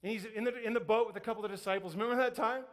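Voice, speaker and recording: A man preaching a sermon as pastor, telling a story in a lively way, acting out voices and laughing often. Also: sits high, rapid-fire, big-room sound. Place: church sanctuary.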